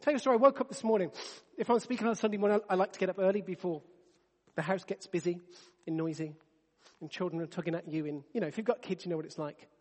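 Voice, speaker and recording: Preacher with a high voice. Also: male voice, rapid-fire, big-room sound. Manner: earnest and conversational, with frequent restarts. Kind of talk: sermon. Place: church.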